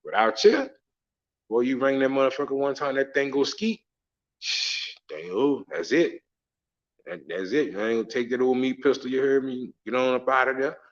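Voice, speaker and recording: A middle-aged man rambles through a casual monologue, swearing freely and breaking into laughs. His voice sits at an everyday middle pitch. The recording sounds dull and lo-fi. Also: expressive, a little fast. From Southern United States. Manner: profane, slangy, laughing storyteller. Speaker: travel vlogger.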